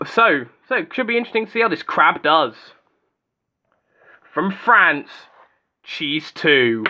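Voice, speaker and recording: High-voiced chatty young man. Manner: joking, chatty, excitable asides. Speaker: commentator. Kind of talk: casual fan commentary of robot fights. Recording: slightly dull lo-fi sound with music behind.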